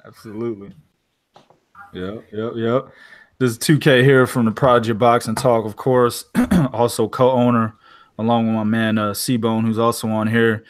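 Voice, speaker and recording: A man talking as a guest on a casual online hangout, briskly and repeating words as he plugs his site. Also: mid-range voice, little pitch movement, dry recording. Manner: brisk plug-style talk, repeats words. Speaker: guest, co-owner of a boxing site.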